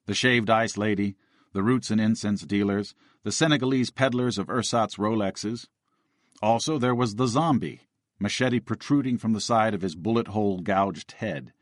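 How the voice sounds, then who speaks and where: A man reads an audiobook in an expressive storytelling manner. His voice is low with lively, varied intonation. The recording is dry and close. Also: no echo. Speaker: audiobook narrator. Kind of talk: scripted audiobook narration.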